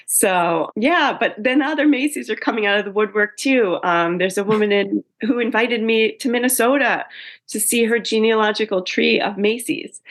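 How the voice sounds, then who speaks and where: A woman's voice: on the high side, moderate pace. Chatty woman author telling her story. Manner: chatty storytelling with frequent self-corrections. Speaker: author being interviewed. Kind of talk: casual conversational interview.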